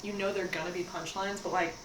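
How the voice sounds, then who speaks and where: A young woman guest talking casually about comedy, relaxed, with fillers as she lists names. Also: on the low side, brisk, far from the mic. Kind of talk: casual chat. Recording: echoey room with noise.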